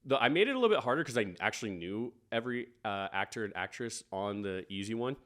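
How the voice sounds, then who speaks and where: Young male host, loose and jokey, slightly low pitch, casual podcast banter. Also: lively intonation, quick pace, a bit bright. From northwestern United States. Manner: laid-back, swears freely, joking. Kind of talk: casual chat.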